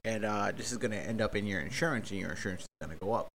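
A man's voice: lowish voice, very fast, a bit bright, pitched below the performer's own voice. A man voicing a tired, indifferent male police officer who talks in an offhand, matter-of-fact way.

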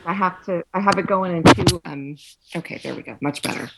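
A woman's voice: fairly low pitch, fairly quick, gravelly, very noisy. A woman calling into a podcast, thanking the hosts and sounding a little nervous. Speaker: caller. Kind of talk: casual chat.

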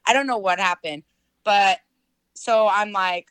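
A middle-aged woman telling a personal story in casual chat, full of fillers and lively quoted voices. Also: medium pitch, measured pace, clear, resonant tone, dry recording, low-quality recording. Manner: chatty, filler-heavy, animated quoting.

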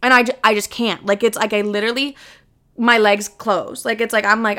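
A woman hosts her own podcast in a bright, clear voice, speaking frankly and with plenty of swearing. She jumps between casual chatter and acting out her own side of conversations. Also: medium pitch, quick pace. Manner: candid, profane, animated, acts out her own quoted lines. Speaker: podcast host.

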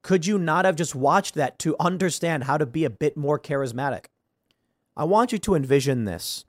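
A man hosting a podcast, giving casual political commentary with an animated, sarcastic delivery that swings between loud bursts and mumbled asides. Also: on the high side, normal speed, no room sound, clean studio sound. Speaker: podcast host.

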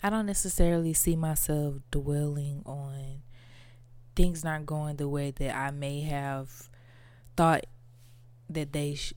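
A woman podcast host reflects casually and candidly on her inner life, sometimes tearful, using lots of "like" and "you know". Her low voice is slow, a little mellow, and fairly even in intonation, with no echo.

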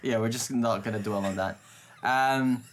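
A man co-hosting a casual podcast about comedy films, chatty and quick to laugh, often trailing off and restarting his sentences. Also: medium pitch, a little hiss or hum. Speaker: podcast co-host. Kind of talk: casual film chat.

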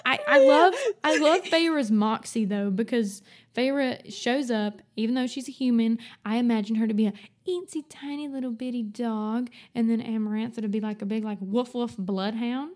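A woman's voice: fairly high pitch, moderate pace. A young woman co-hosting a casual book podcast, joking and giggling through her asides. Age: young adult. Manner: giggly, jokey, animated asides. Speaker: podcast co-host. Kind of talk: casual book-club chat.

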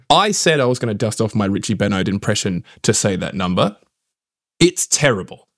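Man, podcast co-host, animated and wry, dry close sound. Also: on the low side, normal speed, no echo. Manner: wry, teasing, lively storytelling. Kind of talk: casual cricket podcast chat. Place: his house.

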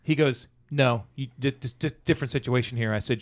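A man's voice: medium pitch, fairly quick. A man telling a profanity-laced story about an old job in casual conversation, acting out the dialogue. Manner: profane, animated anecdote-telling with quoted dialogue.

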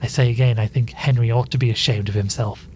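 A man voicing a fretful married sister in a read-aloud story, speaking abruptly in a hushed voice. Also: mid-range voice, fairly even intonation, quick pace, slight background noise, lightly acted. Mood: grumbling.

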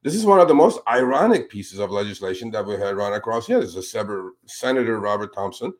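A man hosting a talk show, speaking in casual, animated commentary that turns indignant as he calls out politicians with a pointed "sir". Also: lowish voice, quick pace. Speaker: podcast host.

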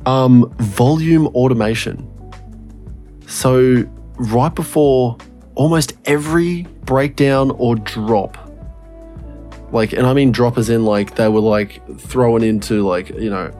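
Aussie podcast guy nerding out on production stuff, swears a lot, average pitch, faint music behind. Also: slow, a little mellow. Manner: enthusiastic, sweary, explaining in detail. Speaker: podcast co-host. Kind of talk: casual chat.

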